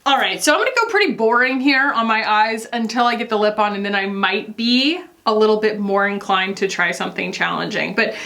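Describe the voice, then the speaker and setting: A woman's voice: medium pitch, fairly quick, gravelly, hardly any pauses, sharp tone. A woman beauty vlogger chatting casually while doing her makeup, gossipy, with lots of fillers.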